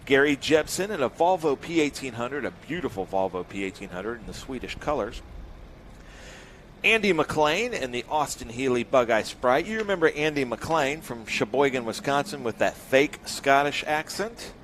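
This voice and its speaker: A man's voice: medium pitch, lively intonation, normal speed, fairly bright tone, a little hiss or hum. A man doing live race commentary, joking around and reeling off long lists of drivers and cars.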